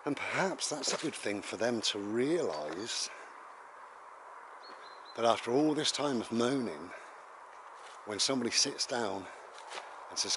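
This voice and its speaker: A man's voice: lowish voice, expressive, takes it slowly, pauses often. Rambling man musing on camera. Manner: rambling, conversational, with frequent tag questions. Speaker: vlogger. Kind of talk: casual reflective monologue. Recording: noisy home recording.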